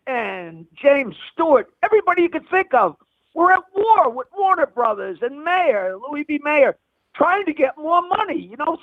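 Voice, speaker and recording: Man, very high voice, blunt rambling comic storyteller, tinny phone line. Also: dry recording. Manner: blunt, rambling with frequent restarts. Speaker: comedian guest. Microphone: telephone.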